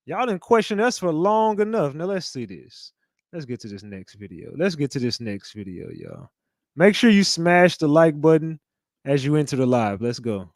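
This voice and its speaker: An excitable man rants to his viewers, swearing freely, in a fairly high voice. His pitch swings widely. The sound is dry and close. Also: normal speed, no room sound. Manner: excitable, profane, addresses viewers as y'all. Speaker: host reacting to clips. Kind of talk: casual reaction commentary.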